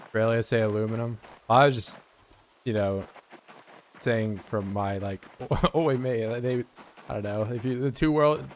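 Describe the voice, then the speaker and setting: A low-pitched American man chats and jokes with his viewers while he plays, giving a loose, running commentary. A faint hiss of noise sits under his voice. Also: moderate pace. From United States. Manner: chatty, joking, talking to chat while playing. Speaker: game streamer. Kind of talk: casual gameplay commentary.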